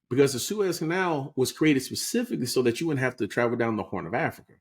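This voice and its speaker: This podcast co-host talks fast and lively, leaving few pauses. His voice sits at a medium pitch as he walks through the news in a relaxed political chat, frequently tossing in "right?".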